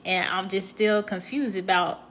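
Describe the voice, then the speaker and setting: A young woman vlogger telling a story in a chatty, expressive way, speaking straight to her viewers. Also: medium pitch, a little slow. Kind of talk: casual storytime.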